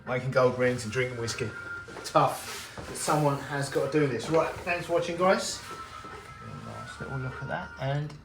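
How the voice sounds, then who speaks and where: A man's voice: medium pitch, normal speed, gravelly, reverberant. A man chatting casually and wryly while working at a jeweller's bench, hosting a live stream. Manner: chatty, rambling, wry. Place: jewellery workshop.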